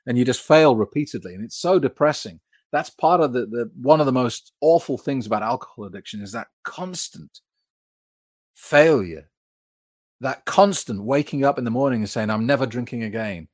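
A British man hosts a live stream, chatting frankly and reading out viewer comments in a conversational way with lots of fillers. His mid-range voice is animated and moves at normal speed.

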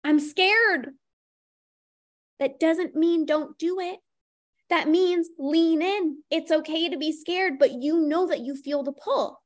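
With a very high yet darkish voice, a young woman speaks at a measured pace on her solo podcast. Her style is casual, loaded with "like," and she performs little inner voices as she goes.

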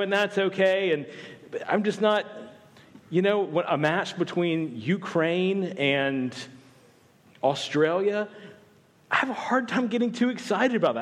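A fairly high-voiced man from the American South preaches a light, joking sermon, chatting with his congregation and poking fun at himself. His voice carries a long reverb from the church sanctuary. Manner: joking, conversational, self-deprecating. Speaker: campus pastor. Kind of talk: humorous sermon.

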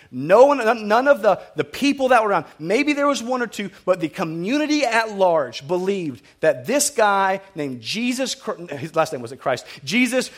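A man with a fairly high voice delivers a sermon in a loose, conversational way. He doubles back on his words and corrects himself, and he slips in jokes and personal asides between points about faith. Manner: conversational, self-correcting and repetitive, with asides and humor. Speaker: pastor.

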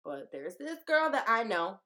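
A woman co-hosting a podcast in a casual chat, talkative and giggly, with relaxed slang. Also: on the high side, a little slow. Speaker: podcast co-host.

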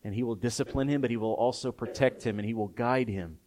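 A man preaching a sermon to a live congregation. His delivery is openly emotional and personal, and it climbs from soft, intimate tones to loud, impassioned emphasis. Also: mid-range voice, fast talker. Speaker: pastor.

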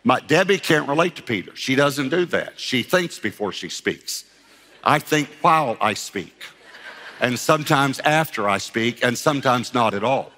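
Animated male pastor preaching in a hall. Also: mid-range voice. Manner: animated storytelling, acting out voices with laughs. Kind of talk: sermon.

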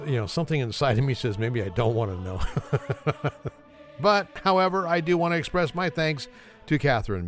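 A man hosts his own podcast with a mid-range, slightly bright voice. He keeps the solo chat casual and joking, chuckling often and poking fun at himself as he talks.

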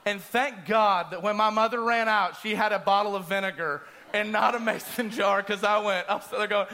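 Animated high-voiced preacher. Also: male voice, brisk. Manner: animated storyteller, acts out screams. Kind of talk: sermon with personal story.

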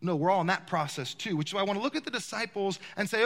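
Bright, high-voiced preacher in a reverberant hall. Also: male voice, racing, few pauses. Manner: animated preaching with rhetorical questions to the congregation. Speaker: pastor. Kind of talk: sermon. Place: large church hall.

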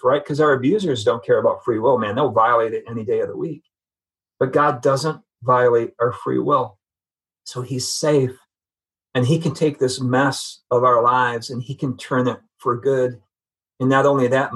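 Husky-voiced middle-aged man, earnest testimony. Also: medium pitch, fairly bright tone. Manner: earnest, halting with frequent restarts. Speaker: guest sharing testimony. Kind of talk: personal faith testimony, conversational.

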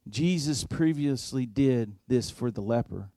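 Guy preaching a sermon, dry close sound, earnest, goes quiet then loud. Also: mid-range voice, expressive, unhurried, no echo. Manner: earnest, shifts from loud emphasis to hushed intimate passages. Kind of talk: storytelling sermon.

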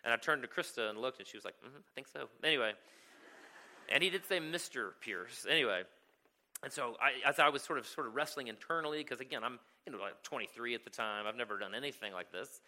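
A man's voice: mid-range voice, lively intonation, fast talker, sharp tone. A man preaching a sermon as a pastor, telling a story and often checking in with "right?". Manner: storytelling, keeps asking "right?".

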